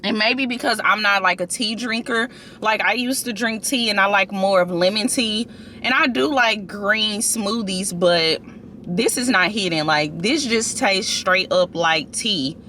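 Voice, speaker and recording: A young woman vlogger from St. Louis, chatting casually and telling an animated story in her car. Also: medium pitch, unhurried, slight background noise. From St. Louis, USA.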